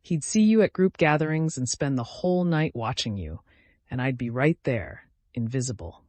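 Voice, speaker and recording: A man's voice: mid-range voice, animated, moderate pace, a little mellow, dry recording, natural voice. A man voicing a bitter, jealous woman who accuses her rival, with little change from his reading voice. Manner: accusing, rising intensity.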